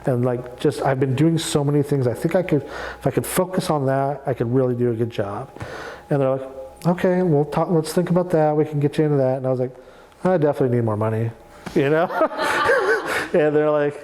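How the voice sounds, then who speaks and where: A man's voice: medium pitch, quick pace, warm tone, poor audio. A man from Oregon, probably in his thirties, telling his life story candidly in a rambling, casual way, acting out what people said to him. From Oregon, USA. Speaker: oral history interviewee.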